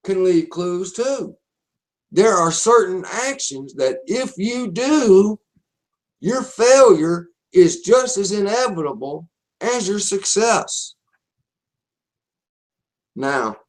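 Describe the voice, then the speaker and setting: Slow, emphatic Southern man. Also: high-pitched. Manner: slow, emphatic, repeats key phrases. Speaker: webinar presenter. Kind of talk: online marketing webinar talk.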